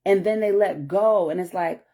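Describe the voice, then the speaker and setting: Warm and medium in pitch, a woman speaks at a normal speed as she vlogs. Her emotional story rambles, broken up by repeated restarts, apologies, and tearful moments.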